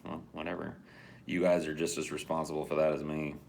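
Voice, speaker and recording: A man co-hosting a podcast, rambling through a profane, deadpan rant in casual chat. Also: rumbling low, fairly quick, gravelly, a little hiss or hum. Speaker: podcast co-host.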